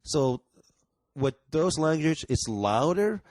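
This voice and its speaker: A man's voice: fairly high pitch, sing-song, slow, a little mellow, no room sound. A man from Japan, a guest comedian talking bluntly and earnestly in a casual podcast chat, swearing freely.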